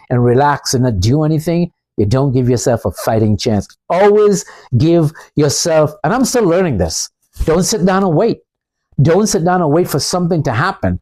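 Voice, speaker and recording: A man's voice: on the high side, mellow. A man giving a blunt, off-the-cuff motivational talk, repeating himself in a combative way. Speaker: channel host.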